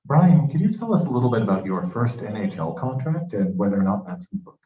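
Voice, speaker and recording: A man's voice: on the low side, sing-song, fast. A man hosting a book event, passing audience questions to the guest. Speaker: event host. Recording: echoey, dull room sound.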